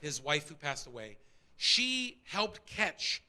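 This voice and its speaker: A middle-aged man doing stand-up on stage, energetic and profane, swinging from loud bits to muttered asides. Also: fairly high pitch, slow pace. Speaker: stand-up comedian. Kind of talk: stand-up comedy set. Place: theater stage before a live audience.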